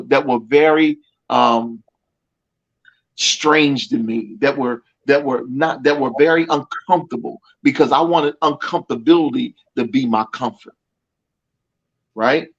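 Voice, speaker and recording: A man's voice: medium pitch, dull audio. A middle-aged male coach speaking in an interview, emphatic and repetitive with a preacher-like cadence and many restarts. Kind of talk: motivational interview talk.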